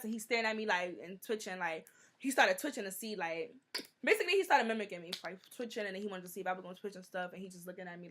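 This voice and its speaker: A young woman, telling stories in a casual, animated Q&A vlog. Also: mid-range voice. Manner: chatty, animated storytelling with many "like"s. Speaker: vlogger.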